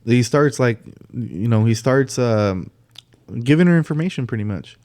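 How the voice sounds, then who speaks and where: A man's voice: medium pitch, lively intonation, normal speed, a little mellow. Chill guy on a podcast, mid voice, lots of yeahs and mm-hmms. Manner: laid-back, lots of short agreeing replies. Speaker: podcast co-host. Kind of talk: casual chat.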